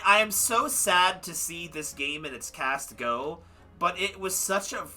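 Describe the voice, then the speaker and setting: Ending his livestream, a young man casually rambles about a game he has just finished, tired and putting himself down. His voice is a little high with a sharp tone.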